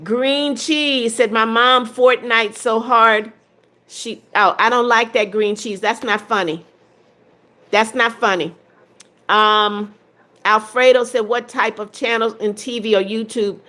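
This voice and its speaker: Older lady in her 70s chatting with her live viewers, reading comments out, a bit higher voice. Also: steady tone, takes it slowly, pushed and bright. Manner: friendly, greets viewers by name. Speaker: livestream host. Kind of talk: casual livestream chat, reading comments aloud.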